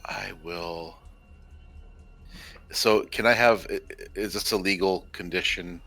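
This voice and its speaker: A man's voice: sits low, bright, forceful tone, faint music behind. A man playing in a tabletop game, chatting casually and asking about the rules. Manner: unhurried, asks rules questions. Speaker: player.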